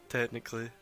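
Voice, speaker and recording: During a break, a game master who runs a tabletop game chats casually and tells a rambling story packed with swearing.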